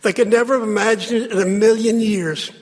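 A man preaching a sermon, with dramatic pauses and lines that drop to a hush. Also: high-pitched, steady tone. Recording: long hall reverb.

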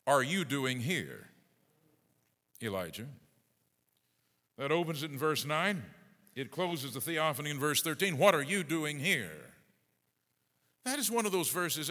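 A middle-aged male pastor preaching a sermon, swinging between booming emphasis and hushed asides. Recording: long reverb of a large hall.

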